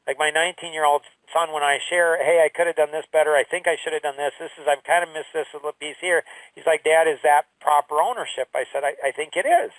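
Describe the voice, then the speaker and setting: A middle-aged man talking earnestly and haltingly, sharing a personal story of loss. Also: fairly high pitch, fairly bright tone, no echo, distant mic, rough recording. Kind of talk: emotional personal talk.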